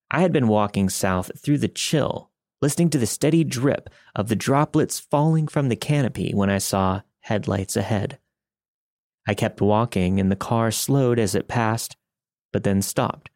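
A man's voice: fairly low pitch, a little mellow, no room sound, clean studio sound. A man narrating a first-person story in a wry, conversational way.

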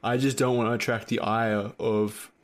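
A man co-hosting a casual podcast, wry and quick to laugh. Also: mid-range voice, level tone. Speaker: podcast co-host.

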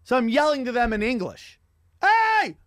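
A man hosting a casual podcast, telling rambling, profane stories with animated energy. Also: sits high, moderate pace, no room sound, studio quality. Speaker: podcast host and comedian. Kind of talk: crude casual chat.

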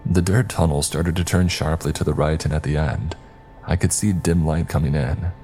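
A man narrating a scary story in a steady, even storytelling manner. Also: rumbling low, normal speed, slight background noise. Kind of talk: scripted narration.

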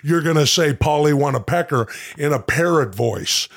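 A man doing an impression of a gruff, blustering older tough guy, ranting with indignant mock-patriotic bluster in an improvised comedy bit. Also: on the high side, animated, moderate pace, fairly bright tone, heavily acted. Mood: lecturing. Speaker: comedy podcast host.

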